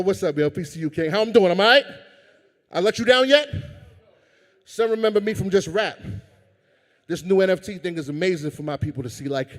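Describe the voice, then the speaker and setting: A man's voice: high voice, in a large hall. A man performing live as a rapper, joking loosely and profanely with the crowd between verses. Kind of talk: live stage banter between rap verses. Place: live event stage. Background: hip hop beat.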